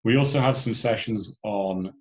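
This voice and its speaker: Deep-voiced man briefing hackathon teams. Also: normal speed, rough recording. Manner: loose, filler-heavy explaining with restarts. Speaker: hackathon organizer. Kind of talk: online workshop briefing.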